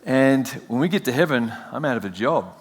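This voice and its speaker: A man's voice: mid-range voice, expressive, brisk. Australian man preaching in a reverberant church. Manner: chatty, self-joking, laughs often. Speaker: guest preacher. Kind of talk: casual joking sermon. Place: church sanctuary. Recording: long church hall reverb.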